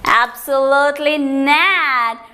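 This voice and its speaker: A woman teaching pronunciation in class, emphatic, with exaggerated rising and falling pitch. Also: slow, bright, forceful tone. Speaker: English pronunciation instructor. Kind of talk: classroom lesson, demonstrating intonation.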